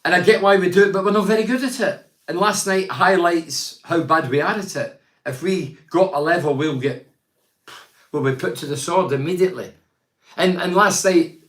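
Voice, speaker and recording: A man's voice: a little high, a bit bright, echoey room. An older man from Teesside, hosting a casual chat show, reads out viewer comments and gives blunt, rambling opinions. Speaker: host reading viewer comments.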